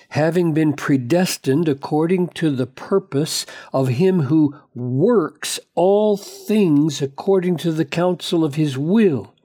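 A man delivers a Bible teaching at a slow, deliberate pace, leaning hard on key words. His voice sits a little higher than most men's yet sounds dark and mellow. He speeds up when reading quotations aloud. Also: slightly rough. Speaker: preacher.

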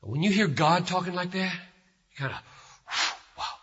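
A man's voice: high voice, lively intonation, slightly rough. Emphatic male pastor in an echoing hall. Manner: emphatic, builds to loud slow declarations. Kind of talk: sermon. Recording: lo-fi recording in a reverberant hall.

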